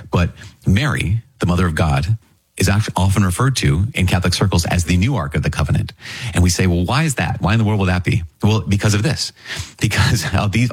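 A man giving scripture commentary as a Bible teacher, lively and full of rhetorical questions, chuckling now and then. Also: sits low, husky, no room sound.

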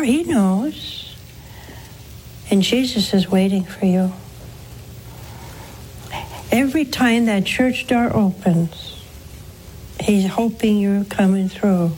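An older woman hosting a religious call-in show, counseling a caller in a gentle, pleading, preacherly way. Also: mid-range voice, slight background noise. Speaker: religious TV host taking calls.

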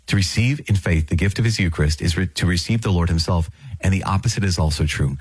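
A man hosting a podcast who teaches on scripture with earnest, animated storytelling and brief laughs. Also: deep voice, fairly quick, slightly rough, no room sound. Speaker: priest, podcast host.

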